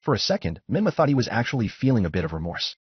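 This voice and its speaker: A man narrating a fan fiction story in a steady, descriptive audiobook style, on a dull lo-fi recording. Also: medium pitch, very fast, slightly rough. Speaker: fanfiction narrator.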